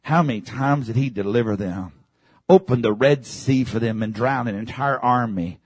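A man preaching a sermon as pastor, swinging from shouted passages to hushed, low delivery. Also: normal speed, breathy edge, no echo.

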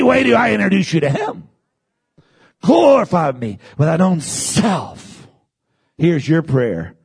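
A man preaching a sermon, swinging from low murmurs to high shouted peaks and calling for responses from the congregation. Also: sing-song, slow, creaky, long pauses, slightly rough.

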